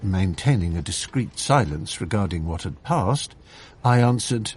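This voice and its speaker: Man with lively, expressive narration. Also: low voice, measured pace, husky. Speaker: audiobook narrator. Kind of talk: scripted audiobook narration.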